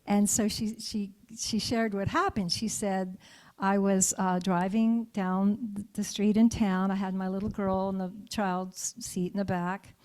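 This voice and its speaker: A woman's voice: medium pitch, level tone, a little slow, a little mellow. Woman minister telling a story. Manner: storytelling, interacts with congregation, frequent laughter. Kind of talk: conversational sermon. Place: church sanctuary.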